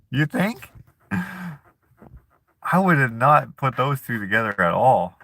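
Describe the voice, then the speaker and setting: A man's voice: medium pitch, very animated, extremely slow, gravelly, pushed and bright. A man hosting a casual live chat who reads viewer comments aloud and jokes and laughs at himself in a laid-back way. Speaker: streamer host.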